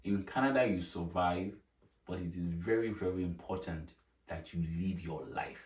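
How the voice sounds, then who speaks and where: Deep-voiced man, distant and echoey. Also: moderate pace. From Nigeria. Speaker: co-host. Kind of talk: casual chat.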